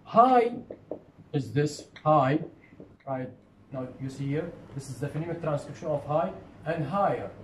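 A man's voice: on the high side, expressive, a little slow. A man lecturing on phonetics, repeating himself and answering his own questions. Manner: repetitive, asks questions and answers them. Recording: echoey room with faint noise.

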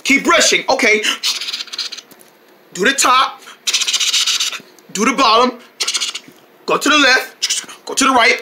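A performer playing several characters in a playful comedy skit, switching quickly between them and breaking into shouts. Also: high-pitched, background noise.

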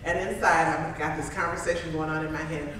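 A woman's voice: low voice, a little fast. A woman giving a humorous motivational talk to a live audience, telling stories with self-deprecating humor and frequent laughs. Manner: animated storytelling, self-deprecating, laughs often. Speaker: keynote speaker. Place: large conference room with live audience. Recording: very echoey room, distant mic, ambient noise.

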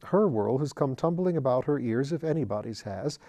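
A man reading a novel written as letters aloud, in a measured, unhurried way. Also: medium pitch, expressive, mellow. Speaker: audiobook reader.

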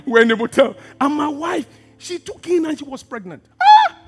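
A man preaching a sermon, telling a personal story with acted-out dialogue and hushed asides. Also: very high-pitched, wildly swooping pitch, unhurried, faint music behind. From Nigeria. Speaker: pastor.

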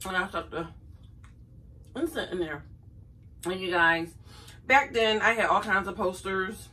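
Bright-voiced woman telling a story. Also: medium pitch, measured pace, poor audio. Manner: animated, chatty, addresses viewers as y'all. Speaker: vlogger. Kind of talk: casual storytelling to camera.

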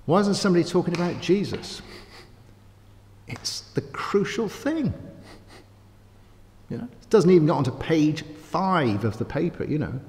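A man's voice: fairly high pitch, big pitch swings, a little slow, long pauses, a little mellow. A man preaching a sermon in a church, conversational, with frequent asides and rhetorical questions. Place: church sanctuary. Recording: church hall with long reverb.

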